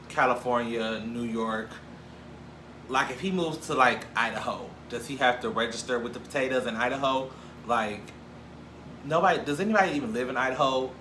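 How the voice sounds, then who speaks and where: A man's voice: medium pitch, slight background noise. A man hosting a casual gossip show, joking, swearing and acting out what people said. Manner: animated, jokey, profane, acts out quoted lines. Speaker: show host. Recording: echoey room with faint ambience.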